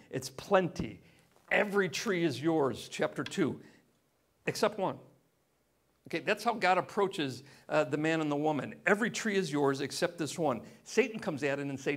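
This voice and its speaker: A man delivering a sermon in a church, his voice sitting a little higher than most men's. He preaches in a loose, conversational way, pausing on fillers and turning to the congregation with rhetorical questions. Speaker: pastor. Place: church sanctuary.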